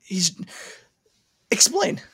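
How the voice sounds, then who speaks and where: A man's voice: extremely slow, fairly bright tone. A man from Texas hosting a podcast in casual chat, rambling and playful, often trailing off into filler words. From Texas, United States. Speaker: podcast host.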